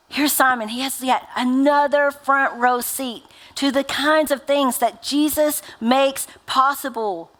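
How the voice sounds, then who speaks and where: A woman's voice: high-pitched, unhurried, hardly any pauses, a bit bright. A woman pastor in her thirties preaching a sermon in a chatty, conversational way, full of filler words. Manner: conversational, uses many fillers like "like" and "right?".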